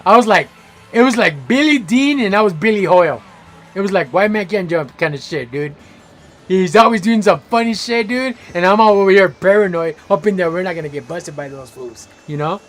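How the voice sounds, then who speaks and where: A man streaming a game, telling stories in a casual, animated way, full of slang and swearing. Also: high-pitched, brisk, faint music behind. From Los Angeles area. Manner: animated, slangy, swears freely, laughs loudly. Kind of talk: casual storytelling chat while gaming.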